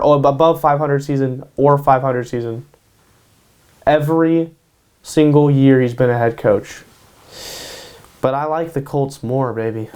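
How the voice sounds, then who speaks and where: A host with a somewhat high, darkish-toned male voice makes casual sports predictions on his own show from home in Kansas. He's hyped, saying his picks more than once and tacking "baby" onto each.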